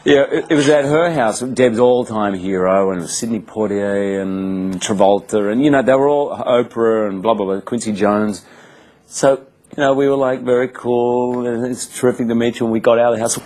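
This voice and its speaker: A man, telling animated stories in a casual interview with frequent restarts. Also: mid-range voice, rough recording. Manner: animated storyteller, quick restarts. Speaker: interviewed actor.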